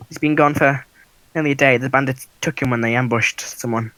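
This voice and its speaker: A man's voice: mid-range voice, steady tone, brisk, a bit bright, no echo, close to an everyday voice, poor audio. A man voicing a panicked older woman whose son was kidnapped, stammering as she pleads.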